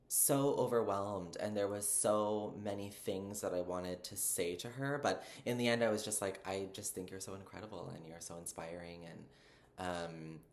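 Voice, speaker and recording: Young man, low voice, casual vlog storytelling, excited, rambling, fillers. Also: measured pace. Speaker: vlogger.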